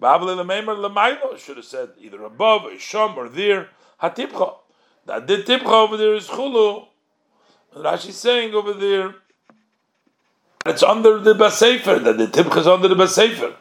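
A man's voice: high voice, expressive, moderate pace. A man leads a text study lesson in a slightly raised voice. He reads short Hebrew phrases, translates them line by line, and keeps posing questions about the wording. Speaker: Torah teacher.

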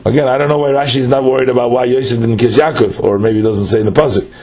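A man's voice: medium pitch, fairly even intonation, racing, darkish tone. A man, teaching a text study lesson: he reads phrases aloud, then explains them line by line with patient questions.

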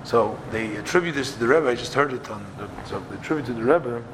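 A man's voice: mid-range voice, fast, background noise. A man teaching a Torah class, explaining texts step by step, quoting each line and then translating it.

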